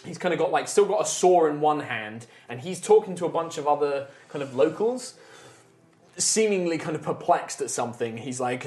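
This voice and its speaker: A man narrating a tabletop game as game master, animated and often laughing. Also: fairly high pitch, moderate pace. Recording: echoey room.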